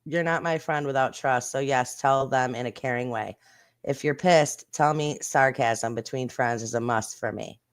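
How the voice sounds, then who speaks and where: A livestream host reacts to viral clips in a blunt, indignant way, with mild swearing. The voice sits at an ordinary middle pitch and chats straight to the viewers. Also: moderate pace, clean tone. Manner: chatty, talks straight to the viewers. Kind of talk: casual livestream commentary on viral videos.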